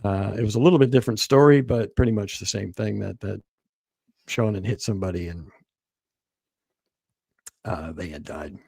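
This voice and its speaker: A man recounting events as a guest, halting and repeating words as he quotes what others told him. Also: fairly low pitch, gravelly, darkish tone, slightly rough, dry recording. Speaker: guest author. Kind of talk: storytelling interview.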